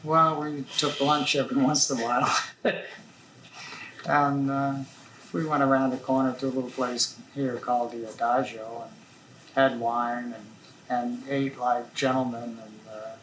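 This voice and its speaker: A man fondly remembering lunches with a friend in an interview, in an unhurried way. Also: mid-range voice, flat delivery, a bit bright, roomy sound, slight background noise, low-quality recording. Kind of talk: reminiscing.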